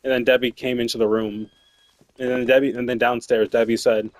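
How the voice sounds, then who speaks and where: A young man chats loosely while he plays, piling up fillers and curse words and breaking into laughs. His voice sits at an ordinary pitch. The sound is dry and close, with no room around it. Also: level tone, a little fast, no echo. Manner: rambling, profane, laughs often, many fillers. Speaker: streamer. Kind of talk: casual storytelling while gaming.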